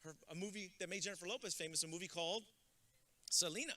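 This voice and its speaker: A Texan man with a high, bright, forceful voice talks fast as he delivers a graduation keynote. Standing at a podium mic at the school ceremony, he tells comic stories and builds toward a rousing finish.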